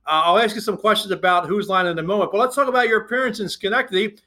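A man hosting a sports podcast, asking interview questions in a halting way with frequent fillers. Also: high voice, sharp tone. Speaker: podcast host.

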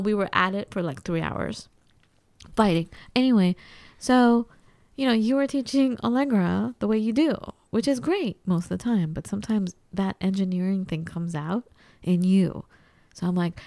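A woman in casual conversation, telling a personal story in a lively way and acting out what people said. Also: mid-range voice, moderate pace, dry recording. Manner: animated storytelling, acts out quotes. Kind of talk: casual chat.

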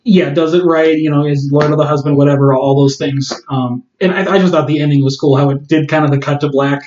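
A man with a fairly high voice chats casually about a film, stumbling over his words and restarting as he works out his thoughts. The sound is dull and lo-fi, with plenty of room echo around him. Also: steady tone, a little mellow, a little hiss or hum. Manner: halting, restarts often, thinks aloud. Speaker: podcast co-host.

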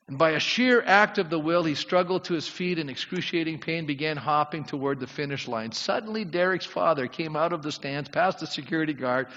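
A man's voice: fairly high pitch, fairly bright tone, long reverb tail, muffled recording. A man preaching as a pastor, with a conversational, chatty sermon manner and frequent casual asides. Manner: conversational preaching with many "you know" asides.

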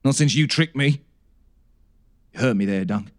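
An actor playing a wheedling, self-pitying captive doctor in a comedy audio drama. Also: male voice, medium pitch, moderate pace, lightly acted. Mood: wounded.

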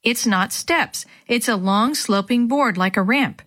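A woman's voice: fairly high pitch, a little slow, fairly bright tone. A woman voicing a frightened but brave young girl who talks herself through her fear in a children's story. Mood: worried, hopeful.

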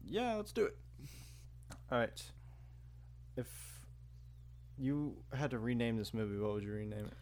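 A man's voice: medium pitch, big pitch swings, measured pace, long pauses, darkish tone, slight background noise. A man co-hosting a podcast, casually talking about a movie with his friend and laughing often. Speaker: podcast co-host. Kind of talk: casual movie review chat.

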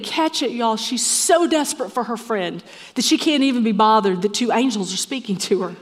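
A woman's voice: a little high, expressive. Woman preacher in an echoey hall. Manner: earnest, measured, dropping to a soft whisper for emphasis. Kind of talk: sermon. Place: church.

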